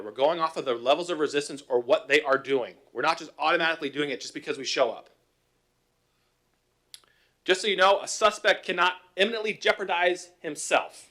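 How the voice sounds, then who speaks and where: A middle-aged police officer gives a council an informal presentation full of anecdotes and rhetorical questions. He's conversational and acts out both sides of calls. His voice is a little high, fairly quick, pushed and bright.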